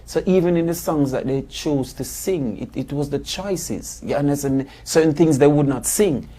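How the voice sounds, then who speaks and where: A man's voice: a little high, moderate pace, dark tone. Man telling his story. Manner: storytelling, many "you know" fillers. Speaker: guest musician. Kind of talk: casual interview chat. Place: radio studio.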